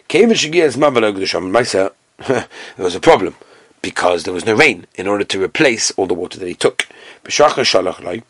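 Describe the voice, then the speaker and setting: A man teaching a Talmud class with Yeshivish Ashkenazi Hebrew pronunciation, reading the text and telling the story with animated storytelling. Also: a little fast, dry recording, clean studio sound. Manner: animated storytelling, acting out characters with big jumps in pitch.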